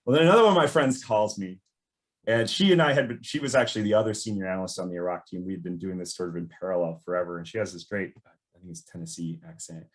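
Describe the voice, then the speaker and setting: A man's voice: low-pitched, quick pace. A middle-aged man, a former intelligence analyst, telling a story in conversation, laughing often and acting out the voices of others. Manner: animated, laughs often, acts out quoted voices.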